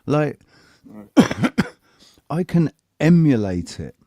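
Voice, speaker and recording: A man co-hosting a casual podcast, telling stories in an animated, sweary way. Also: on the high side, drawn-out words, no echo, clean studio sound. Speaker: podcast co-host. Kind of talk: casual chat.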